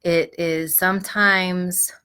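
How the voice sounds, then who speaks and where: Gentle, bright-voiced woman giving advice. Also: on the low side, level tone, slow, smooth. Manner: gentle, reflective, frequent fillers and restarts. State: clearing her throat. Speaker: host of advice show. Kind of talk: live-streamed advice talk.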